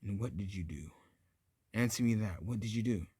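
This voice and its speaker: Naruto, voiced by a man, comes across as a ruthless young ghoul ninja leader in a fan-made story. His voice is a little low and dry, and each threat is slow and measured. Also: dark tone, husky, dry recording. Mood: menacing.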